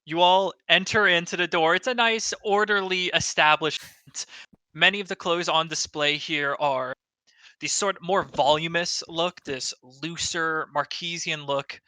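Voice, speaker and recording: A man running a tabletop game, describing scenes in an easy, laughing way. His voice is very bright and sits a little high. The sound is dry and close, as on a video call. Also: fairly even intonation, unhurried, clean tone, no room sound. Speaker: game master.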